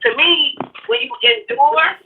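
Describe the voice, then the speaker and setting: A woman's voice: high-pitched, animated, a little slow, recorded from a distance. A woman guest in a casual chat, telling a story about her parents with easy laughter. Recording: telephone line.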